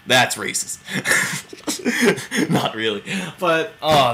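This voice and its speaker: Excitable man on a laptop mic. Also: a little high, slow pace, pauses often, slight background noise. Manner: excitable, exclamatory, rambling with fillers. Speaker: video game reaction channel host. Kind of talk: excited reaction and gameplay analysis. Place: at home. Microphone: built-in laptop mic.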